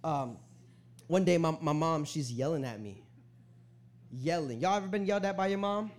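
A young man from a Hispanic family in the US preaches a sermon in a church sanctuary, his fairly high voice lively at a normal speed. The talk mixes prayer and storytelling, and he jokes with the crowd, throws out hype-man calls, and tells stories in casual slang.

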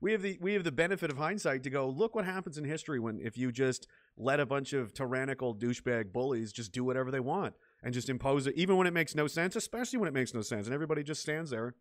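A man hosting a casual podcast chat, ranting fast and profanely, with frequent restarts, on a close mic. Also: mid-range voice, expressive, dry recording.

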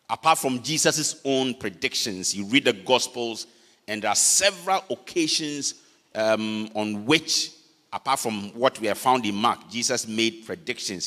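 An older man with a Ghanaian accent preaching a sermon, swinging from loud peaks down to low, quiet phrase endings. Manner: preaching slowly with dramatic pitch swings, switching between English and Fante. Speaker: pastor. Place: church hall. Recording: long reverb of a church hall.

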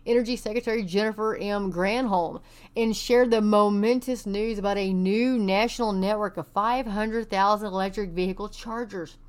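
A woman's voice: mid-range voice, fairly even intonation, normal speed, smooth. A woman from Texas reads news articles aloud for her commentary show, her voice sitting in the middle of the usual range. She breaks in with sarcastic, scoffing asides between the quoted passages. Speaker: online commentary host.

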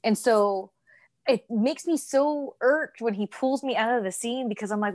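A woman's voice: fairly high pitch, moderate pace, dry recording. A young adult woman co-hosting a casual podcast chat, telling stories animatedly and acting out quoted lines. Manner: animated storyteller, acts out quotes. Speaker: co-host.

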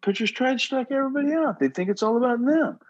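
A man who played pro baseball giving casual, animated advice to pitchers, full of "bro" and "right?". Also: quick pace, lo-fi sound. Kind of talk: casual coaching talk.

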